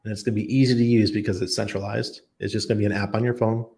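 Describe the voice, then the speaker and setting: Gravelly low-voiced man, blunt and emphatic. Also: very fast. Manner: animated storytelling, blunt and emphatic. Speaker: crypto channel host. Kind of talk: opinionated livestream talk answering viewer questions.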